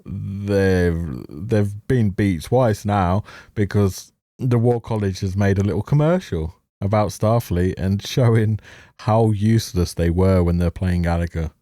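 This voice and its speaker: Profane sarcastic man ranting, mellow low voice. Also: unhurried, no echo, clean studio sound. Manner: sarcastic, heavily profane, mocking laughs. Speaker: TV reviewer. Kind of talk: ranting commentary over a show.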